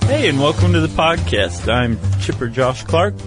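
A man hosting a podcast in casual chat, easygoing and quick to laugh. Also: a little high, big pitch swings, loud music behind the voice. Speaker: podcast host.

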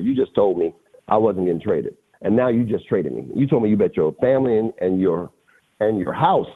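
A man in his fifties, a podcast guest, telling stories in a casual, animated way, often laughing and repeating phrases. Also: lowish voice, fairly quick, husky. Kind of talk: casual storytelling. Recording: phone-like lo-fi audio.

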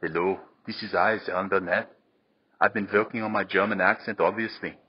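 A man putting on a deliberately bad German accent, speaking low and quiet in a deadpan way. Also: breathy edge, highs cut off.

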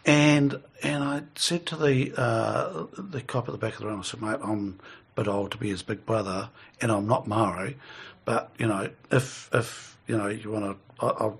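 A man's voice: fairly low pitch, fairly even intonation, moderate pace, gravelly, husky. A middle-aged man, telling a rambling story in casual conversation and chuckling as he goes.

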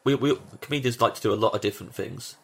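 A man's voice: on the low side, fast, gravelly, breathy edge. A man, a comedian on a podcast, chatting animatedly and acting out his own thoughts as he rambles. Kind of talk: casual chat.

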